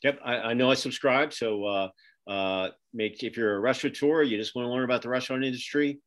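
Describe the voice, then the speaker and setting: Here, a middle-aged man in his home office wraps up a casual podcast interview over a video call, rambling and restarting with plenty of fillers. He hosts the podcast and publishes a magazine, and his mid-range voice is a bit bright and a little fast.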